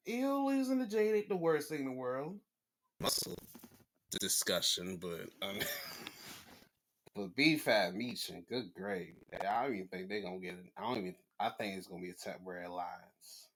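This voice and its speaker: Rambling, profane man talking wrestling. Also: normal speed. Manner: rambling, profane, jumps to excited high-pitched rants. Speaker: podcast host. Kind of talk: casual wrestling chat.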